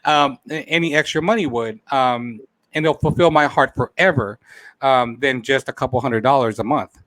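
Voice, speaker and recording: A man's voice: mid-range voice, normal speed, fairly bright tone, no echo. A man hosting a live talk show, speaking with heartfelt emotion and saying he is close to tears. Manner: heartfelt, repeats phrases, says he is near tears. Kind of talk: emotional live-stream chat.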